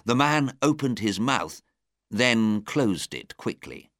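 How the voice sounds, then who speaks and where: A man reading a storybook aloud in a slow, careful storytelling manner. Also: medium pitch, very animated, fairly bright tone, dry recording, clean studio sound. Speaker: narrator.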